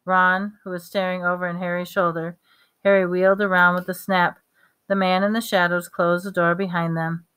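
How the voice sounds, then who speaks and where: A woman reads a novel aloud in a smooth, clean voice set slightly low. Her pace is steady, with small slips she catches and re-reads. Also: normal speed. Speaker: reader.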